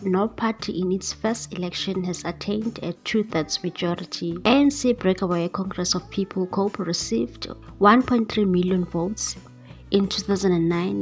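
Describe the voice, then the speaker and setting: Newsreader, woman, lowish register, steady scripted delivery, faint music underneath. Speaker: news presenter. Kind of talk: scripted news reading.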